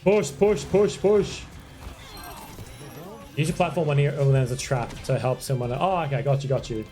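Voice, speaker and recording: A man's voice: medium pitch, fast talker, over music. A young man streaming a game live, chatting to viewers, yelping and apologizing as he plays. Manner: excitable, yelps and apologizes, chats to viewers. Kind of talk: live gameplay commentary.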